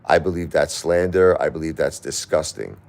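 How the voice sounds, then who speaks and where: A middle-aged man on a live stream, talking through grief and reading viewer comments, halting and repeating himself, at times crying. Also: a bass voice, fairly even intonation, gravelly, a little mellow. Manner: halting, repeats words, grief-stricken and pleading. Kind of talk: emotional live-stream talk.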